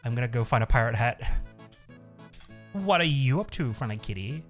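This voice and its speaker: A man's voice: mid-range voice, animated, moderate pace, fairly bright tone. A man streaming live, chatting casually in a rambling way, swearing a lot and laughing often. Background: faint looping background music.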